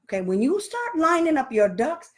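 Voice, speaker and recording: A woman's voice: sits high, big pitch swings, normal speed. A woman leading a live online training for parents, blunt and sassy, laughing often as she talks. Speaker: special education advocate and trainer.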